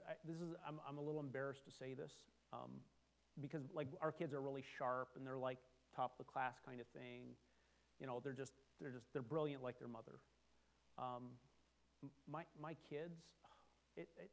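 A middle-aged man preaching a sermon, talking in a conversational way with restarts and sudden excited exclamations. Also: mid-range voice, gravelly. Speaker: pastor.

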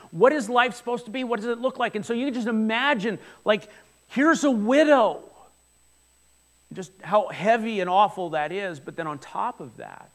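A man in his forties delivers a sermon with a fairly high voice. He speaks earnestly and conversationally, often turning to the congregation with questions. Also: fairly bright tone. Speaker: pastor. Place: church hall before a congregation.

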